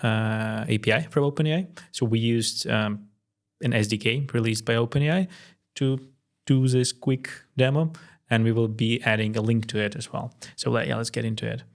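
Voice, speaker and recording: A man's voice: mid-range voice, normal speed. Easygoing man co-hosting a podcast. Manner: relaxed, easygoing, with frequent fillers. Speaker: podcast co-host, company co-founder. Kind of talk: casual demo chat.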